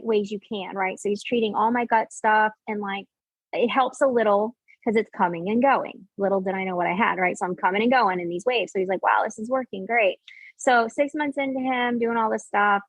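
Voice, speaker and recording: A woman in her forties telling her personal story as a podcast guest, casual and animated, acting out what others said and filling her speech with "like.". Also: mid-range voice, fairly quick, dry recording, poor audio. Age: 40s. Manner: animated, acts out quoted dialogue, many "like" fillers.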